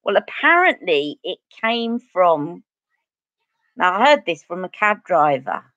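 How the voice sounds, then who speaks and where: A woman's voice: on the low side, big pitch swings, slow pace, sharp tone, no echo, lo-fi sound. A Cockney woman from East London, a beauty vlogger chatting casually and rambling through stories while doing her makeup on a livestream.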